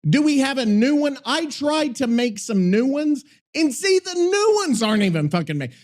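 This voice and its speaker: Male podcast host, high voice, swoops all over, profane, exasperated, rambling. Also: big pitch swings, moderate pace. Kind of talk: casual chat.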